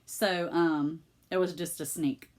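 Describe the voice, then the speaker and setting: A middle-aged woman with a Southern US accent chats casually and emotionally at home in her cross-stitch vlog, using many fillers. Her voice is fairly low and fairly even in intonation, and she takes it slowly.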